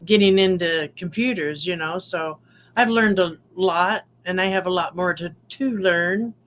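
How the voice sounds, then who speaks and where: A woman's voice: on the low side, unhurried, a little hiss or hum. An older woman with grandchildren giving a rambling, heartfelt testimonial to her online community. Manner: heartfelt, rambling, trailing restarts.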